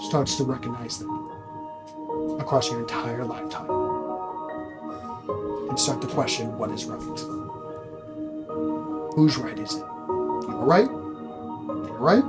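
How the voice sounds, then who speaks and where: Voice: medium pitch, slow pace, long pauses, loud music behind the voice. A game master narrating a tabletop game, asking a player probing, reflective questions about their character.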